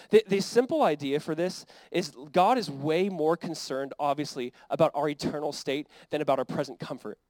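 A man's voice: on the high side, brisk, hardly any pauses, a little mellow, dry recording, rough recording. A man with an American accent preaching a sermon as pastor, talking in a conversational, earnest way and acting out the quotes he reads.

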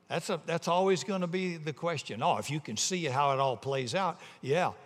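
A male pastor preaching a sermon, telling stories and shifting between loud and hushed delivery. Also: mid-range voice, long reverb tail.

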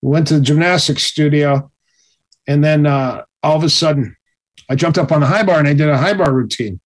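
A man telling stories in a casual interview, animated and acting out the other people's voices. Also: fairly high pitch, brisk. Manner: animated, acts out quoted voices. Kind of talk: casual storytelling.

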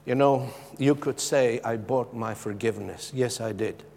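Middle-aged preacher in an echoing hall. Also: male voice, medium pitch, moderate pace, vocal fry, slight background noise. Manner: emphatic, shifting from loud urgency to hushed. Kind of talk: sermon with personal testimony. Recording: long reverb of a large hall.

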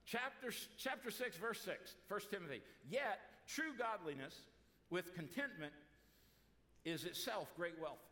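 A man's voice: high voice, animated, unhurried, bright, forceful tone, big-room sound. A man preaching a sermon as pastor, folksy and joking, calling out to people in the room. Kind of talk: sermon with a joke. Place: church sanctuary.

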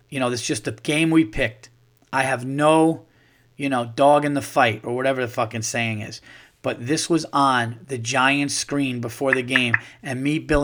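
A man's voice: medium pitch, a bit bright. A man hosting a podcast, telling a rambling, profane story in a casual way and acting out his own quotes. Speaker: podcast host.

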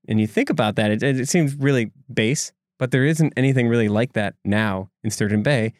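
A man's voice: on the low side, normal speed, hardly any pauses, a little mellow, no echo, studio quality. A man co-hosting a podcast, explaining a local story in a loose conversational way with asides and restarts. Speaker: podcast co-host reporting. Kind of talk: casual podcast chat.

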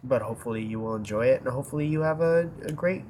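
A man talks through a blocked, stuffy nose from a cold, sounding grumpy and foul-mouthed as he tosses off puns in loose podcast chatter. His pitch sits right in the middle, and a faint hiss of noise runs beneath the voice. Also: quick pace, a little mellow. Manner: grumpy, profane, punning jokes. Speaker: podcast co-host. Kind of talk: casual podcast banter.

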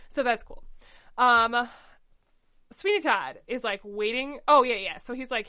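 A woman co-hosting a casual podcast chat, breezily retelling a plot with mock quotes and quick asides. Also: on the high side, bright, forceful tone. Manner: chatty, quick paraphrasing with mock quotes and laughs. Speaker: podcast co-host. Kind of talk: casual chat recapping a musical.

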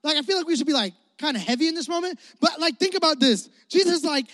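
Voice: high-pitched, fast, few pauses, a bit bright. A youth pastor preaching with a casual, joking manner, calling for responses from the crowd and laughing often. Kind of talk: energetic sermon. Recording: long hall reverb.

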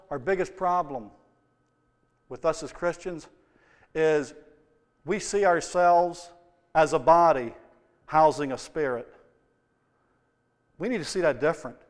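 A man preaching a sermon, shifting between impassioned emphasis and casual, conversational storytelling. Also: fairly high pitch. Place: church sanctuary. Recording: long church hall reverb.

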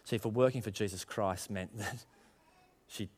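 A man's voice: on the low side, normal speed, slightly rough. A man, preaching a conversational sermon to his congregation and rising in emphasis as he tells stories. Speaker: pastor.

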